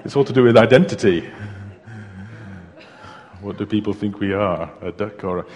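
A man preaching a sermon in a church, telling stories in a chatty, unhurried way with small hesitations. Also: on the low side, a little mellow. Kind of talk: sermon with a joke. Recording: long reverb of a church hall.

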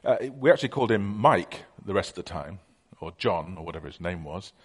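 A man's voice: sits low, lively intonation, fairly quick, breathy edge. A middle-aged man preaching a conversational sermon, telling stories with many fillers.

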